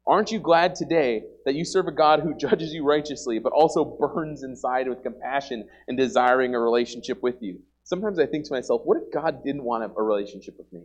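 A man preaching a sermon at a church service, earnest and repetitive, swinging between loud emphasis and quiet confession. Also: medium pitch, dull audio.

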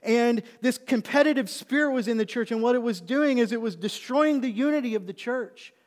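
A middle-aged man, a pastor preaching a sermon, telling a story and then building into animated emphasis. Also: extremely high pitch, a little fast. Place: church sanctuary. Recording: long reverb of a church hall.

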